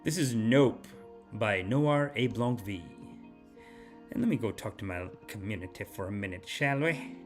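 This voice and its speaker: A man's voice: measured pace, soft background music. Rambling man hosting a comedy podcast. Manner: rambling, animated, mock spiritual-guru pitch. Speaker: podcast host.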